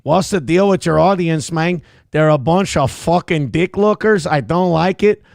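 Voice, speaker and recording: A man's voice: medium pitch, takes it slowly, mellow, clear, resonant tone, no echo, studio quality. A man voicing a crude, boastful male pet dog that brags and talks vulgar. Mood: belligerent. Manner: vulgar, bragging, belligerent.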